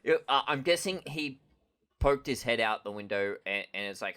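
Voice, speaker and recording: A man's voice: mid-range voice, lively intonation, moderate pace, sharp tone, clear, resonant tone. A man co-hosting a podcast, recapping a cartoon episode in casual chat, laughing often and starting sentences over. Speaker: podcast co-host.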